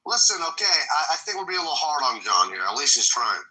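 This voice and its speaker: A man's voice: medium pitch, very animated, fast, pushed and bright, rough recording. A man joking and rambling in casual voice chat banter.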